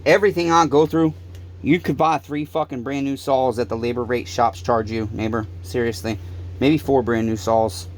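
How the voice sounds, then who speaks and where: A man's voice: mid-range voice, fairly even intonation, normal speed, slight background noise. A man who runs a small-engine repair shop, ranting angrily and pleading to the camera, swearing often and repeating himself. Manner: heated, profane ranting, pleading and repetitive. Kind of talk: angry monologue to camera.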